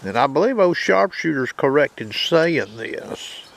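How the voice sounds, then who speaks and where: A man's voice: on the high side, sing-song, a little slow, creaky, rough recording. A man hosts a metal detecting video, demonstrating his detector in a folksy way and checking in with viewers as he goes. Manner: folksy, keeps checking in with listeners. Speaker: metal detecting channel host. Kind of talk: hands-on demonstration. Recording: loud detector tones behind the voice.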